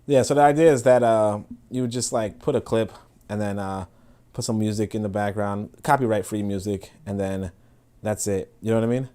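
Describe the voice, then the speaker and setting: A man hosting a podcast livestream, reading comments and reacting in casual, animated commentary with swearing and repeated words. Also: fairly low pitch, moderate pace, clear, resonant tone. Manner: animated, profane, repeats himself. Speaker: podcast host.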